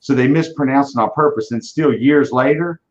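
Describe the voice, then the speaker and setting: A man's voice: mid-range voice, normal speed. Earnest male business guest, repeats himself, muffled lo-fi audio. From Virginia, US. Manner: earnest, repeats words when starting thoughts. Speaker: car dealership leader, guest. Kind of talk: casual interview talk. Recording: dull lo-fi audio.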